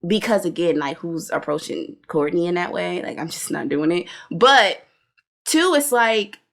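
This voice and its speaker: A woman co-hosting a show-review chat, blunt and animated, with plenty of slang and cursing. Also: on the low side, moderate pace, creaky. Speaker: podcast co-host reviewing a reality show. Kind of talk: casual opinionated chat.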